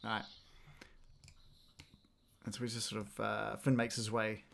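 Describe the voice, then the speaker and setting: A man with a New Zealand accent playing a tabletop game, thoughtful and pausing with ums as he plans his moves. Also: on the low side, level tone, gravelly, fairly bright tone, slight background noise. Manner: thoughtful, filling gaps with ums. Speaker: player. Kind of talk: casual tabletop play.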